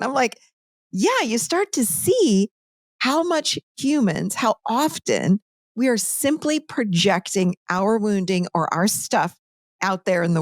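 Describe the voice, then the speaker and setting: A woman's voice: a little high, no echo, clean studio sound. A woman coach talking emphatically in a casual interview, repeating her points for stress.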